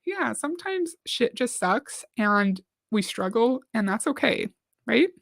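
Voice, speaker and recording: A woman's voice: on the high side, sing-song, unhurried, vocal fry, a bit bright, dry recording. A woman hosting a livestream, chatting casually, reading out viewer comments and reacting to a video.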